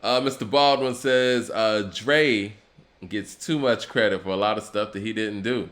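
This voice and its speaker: Laid-back low-voiced man talking hip hop. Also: unhurried, fairly bright tone. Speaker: podcast co-host. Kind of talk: casual hip hop discussion.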